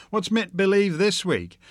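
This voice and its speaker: A man's voice: high voice, dry recording. Sardonic man ranting in a dry room. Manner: mocking, rising to loud indignant rants; sings wordless tunes to mock. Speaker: show host answering listener questions. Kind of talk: sardonic monologue.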